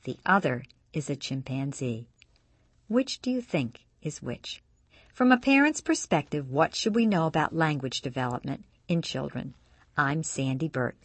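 A woman co-hosting a radio show, reading a scripted story in a measured, expressive way. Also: sits low, slightly rough, no room sound.

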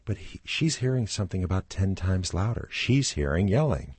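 A middle-aged man, a family doctor and author, explaining things as a guest on a radio interview and acting out quotes in a louder voice. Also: sits low, very animated, normal speed, husky, no echo. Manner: explanatory, acts out quotes with raised voice.

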